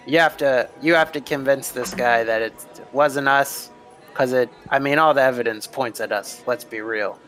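A man voicing a nervous, flustered man who talks fast to cover himself in a tabletop game. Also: mid-range voice, fairly bright tone, soft background music, natural voice, rough recording. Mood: worried.

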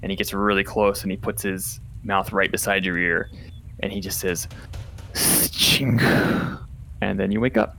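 Deep-voiced man narrating as game master. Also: level tone, fairly quick, gravelly, a bit bright, slight background noise. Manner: vivid, descriptive, with casual fillers.

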